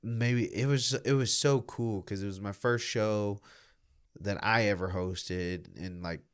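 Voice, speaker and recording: A young man and stand-up comic, telling stories in a rambling, animated way and swearing often in casual podcast chat. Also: fairly low pitch, a little slow, clear, resonant tone.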